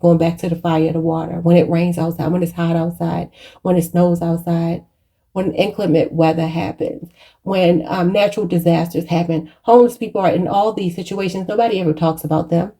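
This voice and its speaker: A woman's voice: on the low side, steady tone, a little fast, dark tone. A woman giving a channeled tarot reading, emotional and preachy, choked up and near tears, calling her viewers y'all. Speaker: tarot reader.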